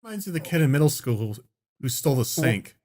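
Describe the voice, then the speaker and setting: Animated, profane young man telling a story. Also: fairly high pitch, fast. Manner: animated, profane, breaks into laughter. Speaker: podcast co-host. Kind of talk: casual storytelling chat.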